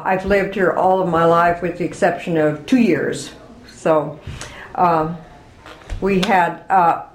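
A woman's voice: lowish voice, slight background noise. Older woman reminiscing in an echoey room. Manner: chatty, reminiscing with laughs. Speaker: interviewee. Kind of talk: oral history interview.

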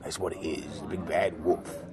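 A man putting on a deep, growling Big Bad Wolf voice for his toddler, recorded amid the chatter of a crowd. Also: level tone, normal speed. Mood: menacing. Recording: loud crowd chatter behind.

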